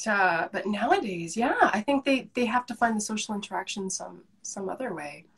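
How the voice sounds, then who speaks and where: A young woman from Canada, talking fast and eagerly as a guest on a live video call. Her voice is husky and a little breathy. She sits at a middle pitch and rarely lets a pause sit. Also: very animated, a bit bright. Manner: chatty, enthusiastic. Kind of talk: casual chat.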